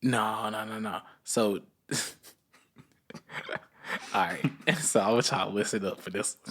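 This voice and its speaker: A man co-hosting a casual podcast, telling a long story and acting out the people in it by jumping up into a higher voice. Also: slow pace. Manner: animated storyteller, acts out quotes in a higher voice. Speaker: podcast co-host.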